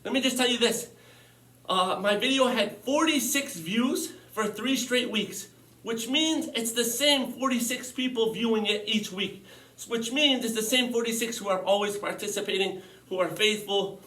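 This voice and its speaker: A man's voice: very high-pitched, moderate pace, bright, forceful tone. A man teaching a home workout lesson, upbeat and encouraging, a little out of breath from demonstrating the exercises. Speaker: physical education teacher. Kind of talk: casual online lesson. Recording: echoey room, mic at a distance.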